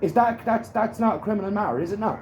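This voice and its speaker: A man's voice: high-pitched, fast talker, darkish tone, reverberant, slight background noise, low-quality recording. A man with an Irish accent, making an agitated, insistent complaint and repeating his demands. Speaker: complainant at a police station. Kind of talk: heated confrontation, filmed.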